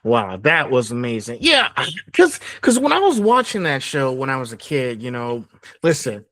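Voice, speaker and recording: Lively, rambling male interviewer. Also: mid-range voice, normal speed, no echo. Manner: lively, rambling questions with fillers. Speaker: podcast host, interviewer. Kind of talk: casual interview.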